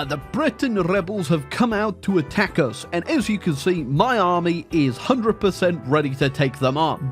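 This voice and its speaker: Guy cracking dry jokes over a strategy game, voice jumps way up and down, a bit high, faint music behind. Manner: wry, sarcastic jokes with sudden high pitched jumps. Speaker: gaming commentator. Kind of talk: comedic gameplay commentary.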